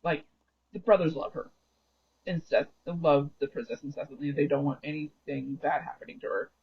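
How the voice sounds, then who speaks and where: A slightly high, husky male voice moves briskly. The speaker is streaming a game and casually rambling through a story, often stopping to correct himself partway through a sentence, all captured on a dull lo-fi recording.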